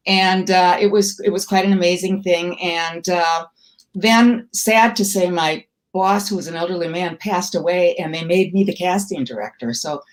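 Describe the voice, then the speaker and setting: A woman's voice: lowish voice, moderate pace. An older woman from Milwaukee, a comedy writer telling wry, self-deprecating stories in an interview. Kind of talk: storytelling interview.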